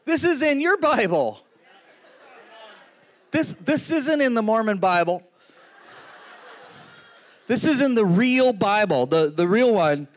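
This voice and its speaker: A man preaching a sermon, telling stories with lively acted-out quotes. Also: high voice, takes it slowly, long pauses, a faint crowd. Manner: animated storytelling with acted-out quotes.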